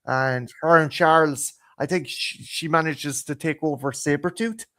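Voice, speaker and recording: A man with an Irish accent chatting casually as a guest on a live stream, stammering through restarts and breaking into loud, swearing rants. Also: fairly high pitch, measured pace. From Ireland. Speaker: guest podcaster. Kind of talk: casual chat. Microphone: video call.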